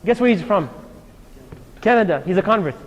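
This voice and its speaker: A man with a high, expressive voice speaks a little fast. He's an Islamic lecturer delivering a lively, joking, casual sermon directly to a live crowd, and the hall adds a long reverb.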